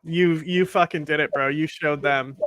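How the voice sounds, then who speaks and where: A man's voice: on the high side, fairly even intonation, moderate pace, fairly bright tone, smooth, dry recording. A man hosting reaction commentary. He is blunt and sarcastic, and he swears often. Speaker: commentary host.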